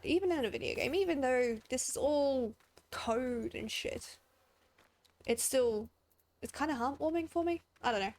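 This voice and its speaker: A woman with an English accent and an Australian twang, chatting emotionally and laughing while streaming a game. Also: fairly high pitch. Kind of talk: casual gaming commentary.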